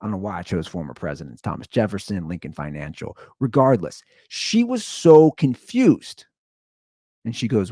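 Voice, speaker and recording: Male podcast host, ranting storyteller, very lively pitch swings, dry close sound. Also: normal speed, dry recording. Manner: animated, profane, swings between loud outbursts and low asides.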